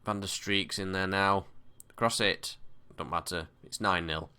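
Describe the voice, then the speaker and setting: A man talks through his football management game in a relaxed commentary style, breaking into excited calls. His voice sits low but sounds bright and crisp. He sighs and mutters between the louder moments. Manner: excitable match commentary with quick bursts and sighs. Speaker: gaming commentator. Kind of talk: casual let's-play commentary.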